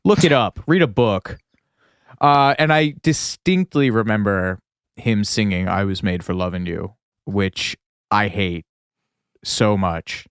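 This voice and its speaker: Man, low smooth voice, opinionated podcast co-host, dry sound. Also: slow pace, dry recording. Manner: blunt, opinionated, jokey. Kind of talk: casual chat.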